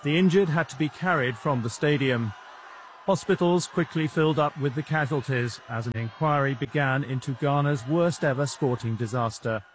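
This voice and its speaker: A man reporting in an archive news broadcast, with crisp, formal delivery. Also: medium pitch, moderate pace, a little hiss or hum.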